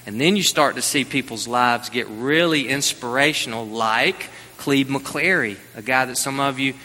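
A male pastor preaching a sermon in a church, with lively emphasis that climbs higher as he drives each point home. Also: normal speed, big-room sound. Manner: animated preaching, rising in pitch on emphasis. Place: church sanctuary.

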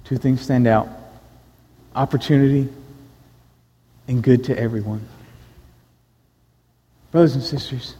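A man's voice: mid-range voice, mellow, lo-fi sound. Earnest preacher man in a big echoing hall. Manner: earnest, personal storytelling with pauses. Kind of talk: sermon. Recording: long echo of a large hall.

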